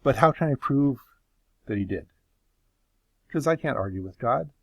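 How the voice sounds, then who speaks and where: A man's voice: medium pitch, expressive, normal speed, a little mellow, no echo, natural voice. A man voicing a suffering man who pleads his innocence before God, passionate and bitter. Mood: frustrated.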